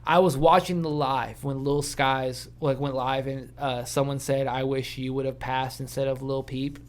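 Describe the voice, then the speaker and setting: A man's voice: medium pitch, normal speed. A man co-hosting a podcast in casual, profane, ranting chat. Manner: animated, swearing, ranting. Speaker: podcast co-host.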